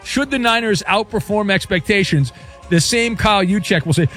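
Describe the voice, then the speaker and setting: High-voiced playful radio sports host. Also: male voice, moderate pace, faint music behind. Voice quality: playful, loose delivery with shouted bits. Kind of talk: casual sports talk radio.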